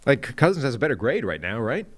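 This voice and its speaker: A man's voice: medium pitch, sing-song, fast talker. A man co-hosting a casual sports podcast, making dry, wry remarks. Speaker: podcast co-host.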